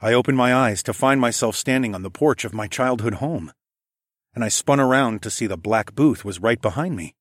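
A man reading a first-person story aloud in a quiet, intimate way. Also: medium pitch, moderate pace, no room sound, clean studio sound. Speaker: audiobook narrator.

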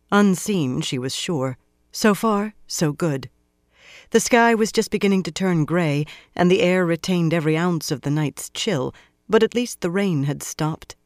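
A narrator reading a fantasy novel aloud in a measured, even storytelling delivery. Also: mid-range voice, no echo, studio quality. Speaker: audiobook narrator. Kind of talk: scripted fantasy audiobook narration.

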